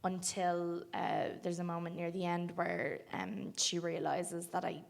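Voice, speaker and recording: A young woman with an Irish accent speaks in a low, fairly flat voice. She talks softly and thoughtfully, filling her pauses with ums, in a relaxed interview chat. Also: creaky. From Ireland. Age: young adult. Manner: thoughtful, frequent ums, soft-spoken. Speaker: film actress guest.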